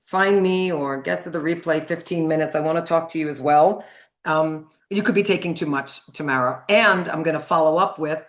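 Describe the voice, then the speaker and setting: A woman's voice: low-pitched, normal speed. Chatty, frank middle-aged woman coach. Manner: chatty, frank, swears casually, laughs often. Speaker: sugar addiction coach. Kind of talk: live online training.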